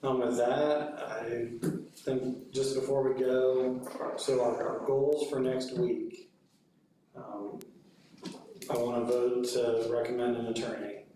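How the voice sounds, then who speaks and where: A man chairing a city committee meeting, laying out next steps in a brisk, organizing way. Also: mid-range voice, flat delivery, mellow. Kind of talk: running a meeting. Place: public meeting room. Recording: echoey room from far off, noisy.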